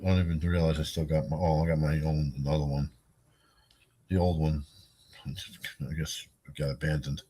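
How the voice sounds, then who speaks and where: A man's voice: extremely low pitch, flat delivery, moderate pace, long pauses, mellow, breathy edge. A tired older man hosting a rambling, profane late-night livestream, chatting loosely with his viewers and yawning. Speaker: livestream host.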